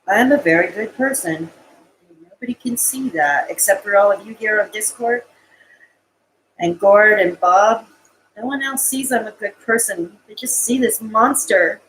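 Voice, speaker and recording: A woman's voice: mid-range voice, normal speed, a bit bright, a little hiss or hum, rough recording. A woman on a live stream, talking to her chat in a rambling, distraught way, tearful at times, with bitter laughs between thoughts. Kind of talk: emotional live-stream monologue.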